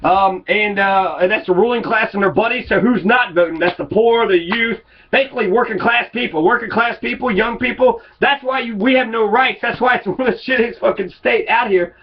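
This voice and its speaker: Furious swearing man, high voice. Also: a little fast, lo-fi sound. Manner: angry, swearing, repetitive. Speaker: political commentator. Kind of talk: profane political rant.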